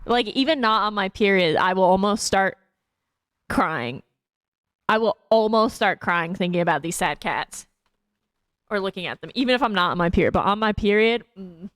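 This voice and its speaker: A woman's voice: mid-range voice, moderate pace, fairly bright tone, no room sound, studio quality. A woman livestreamer chatting casually to her viewers in a rambling, self-mocking way, laughing often between remarks. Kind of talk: casual stream chat.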